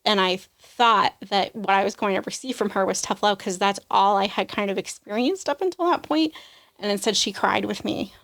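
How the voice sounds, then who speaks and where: A woman's voice: mid-range voice, normal speed, a bit bright. Woman, young adult, podcast guest, emotional testimony, acts out voices, says "like" often. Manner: emotional storytelling, acts out quoted voices, frequent "like". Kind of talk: personal testimony in an interview.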